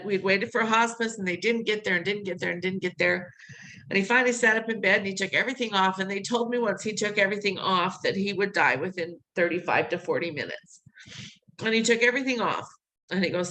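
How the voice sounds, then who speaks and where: Animated middle-aged woman telling a story. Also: medium pitch, fairly quick, a little hiss or hum, rough recording. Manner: animated, acts out quotes, laughs often. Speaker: interview guest. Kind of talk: emotional personal storytelling.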